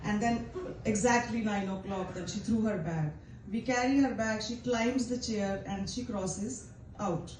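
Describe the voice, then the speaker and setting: A young woman doing impromptu stand-up, telling a confessional story and quoting her own thoughts in quick bursts. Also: mid-range voice, darkish tone, a little hiss or hum. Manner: candid, confessional storytelling with quick bursts of quoted self-talk. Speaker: stand-up comedian. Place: indoor comedy venue. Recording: roomy, distant live-room recording.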